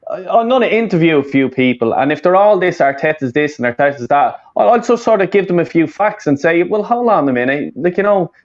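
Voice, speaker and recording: A man's voice: a little high, expressive, a little fast, few pauses, muffled recording. A man, hosting a casual football fan chat, rambling and swearing with lots of fillers and restarts. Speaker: fan channel host.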